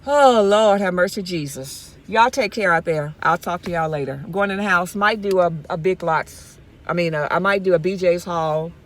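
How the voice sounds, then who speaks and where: A woman's voice: lowish voice, moderate pace, few pauses. A woman from Mississippi, talking straight to her viewers in a casual vlog, impassioned and repeating herself as she goes, speaking from her car. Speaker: YouTube vlogger.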